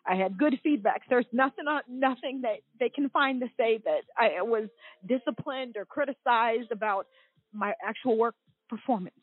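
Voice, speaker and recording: A woman's voice: fairly high pitch, normal speed, breathy edge, no echo. A woman in her forties, a guest on a talk show, recounting a personal ordeal with strong emotion. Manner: emotional, tearful at times. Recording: tinny phone line.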